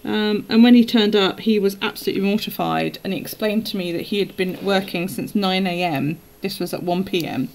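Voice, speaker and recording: A woman's voice: medium pitch, a little fast, hardly any pauses, slight background noise, low-quality recording. A woman chatting casually on a live stream while journaling, telling stories and laughing often.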